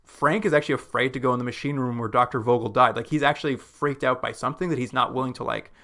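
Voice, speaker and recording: A man co-hosting a casual film discussion, his voice sitting at an ordinary middle pitch. He recaps scenes in a loose, chatty way and jumps into short acted-out quotes of the characters, peppering his talk with "like.". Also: steady tone, bright, forceful tone. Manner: retells scenes with quick acted-out quotes, many "like" fillers. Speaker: podcast co-host.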